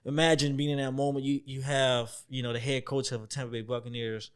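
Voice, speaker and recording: A young man telling a story as a podcast guest, acting out the voices he quotes, dropping to near-whispers and then jumping up loud. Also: medium pitch, little pitch movement, fairly quick, smooth. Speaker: podcast guest, former football player. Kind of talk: storytelling in a casual interview.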